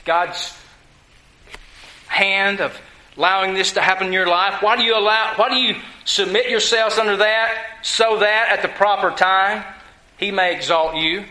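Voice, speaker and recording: A man's voice: sits high, fairly even intonation, measured pace, sharp tone. A man preaching a sermon in a folksy, conversational way, full of rhetorical questions to his church. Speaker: pastor. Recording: echoey room.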